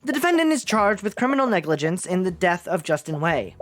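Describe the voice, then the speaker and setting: A man voicing a cold, formal prosecutor who speaks in a measured way. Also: high voice, very animated, a little hiss or hum.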